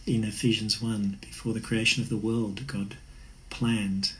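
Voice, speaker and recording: A man's voice: on the low side, flat delivery, unhurried, noisy background. A man preaching an earnest, conversational sermon. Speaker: pastor.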